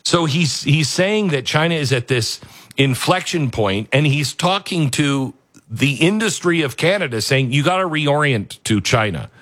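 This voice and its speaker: A man hosting an opinionated news commentary, animated and sarcastic, often laughing. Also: on the high side, a little slow, no echo, clean studio sound. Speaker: commentary show host.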